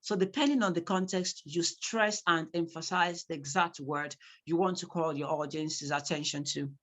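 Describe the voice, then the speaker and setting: A public speaking teacher giving an online class over a video call, acting out examples with lively emphasis. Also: mid-range voice, normal speed. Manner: animated, acts out examples.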